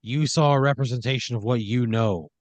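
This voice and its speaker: A man putting on a vengeful Christ face peering out of a tree's leaves, male and wrathful, handing down solemn, accusing pronouncements. The voice sits at a middling pitch in a dry, close recording. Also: fairly quick, no echo, lo-fi sound, lightly acted.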